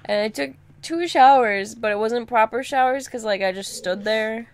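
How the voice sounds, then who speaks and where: A young woman playing a video game and chatting casually, blunt and quick to swear. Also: fairly high pitch. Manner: blunt, swears freely, lively reactions. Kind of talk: casual chat while gaming.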